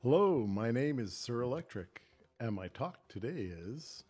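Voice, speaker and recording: A man's voice: medium pitch, very animated, a little slow, darkish tone, husky, faint music behind. A man giving an improvised comic talk with a mock-grand, storytelling manner. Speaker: improv game player.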